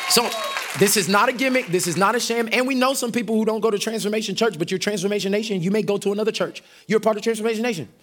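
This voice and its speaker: A middle-aged man, a pastor preaching a sermon energetically, shouting call-and-response lines to his congregation. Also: high-pitched, very fast, a faint crowd, slight background noise.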